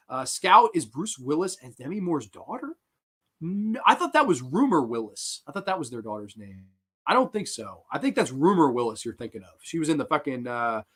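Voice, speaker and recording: A man hosting a horror film livestream, ranting casually and loudly with lots of swearing while answering chat. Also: a little high. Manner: loud, animated, profane ranting.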